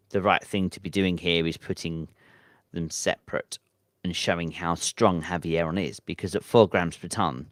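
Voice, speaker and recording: A deep-voiced man hosts a late-night livestream from home at midnight, in a dry, studio-quality recording. He reads viewer chat and thinks aloud casually, hesitant and rambling, with plenty of ums.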